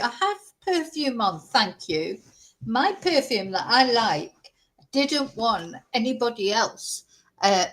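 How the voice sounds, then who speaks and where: Woman vlogger chatting away, rambly and animated, lots of little asides, mid pitch. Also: measured pace. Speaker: true crime channel host. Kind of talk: casual chatty vlog.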